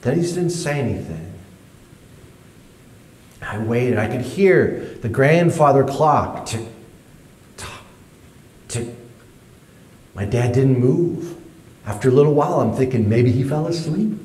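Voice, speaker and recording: Guy telling a funny personal story, lively pitch jumps, mid voice, echoey room. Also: slow, pauses often. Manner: animated, jumps high in pitch for his younger self. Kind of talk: personal story told to an audience.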